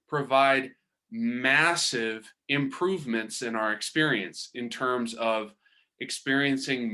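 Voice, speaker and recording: A man giving a reflective spiritual talk, speaking in a measured way and often pausing to search for words. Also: medium pitch, sharp tone. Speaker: spiritual teacher.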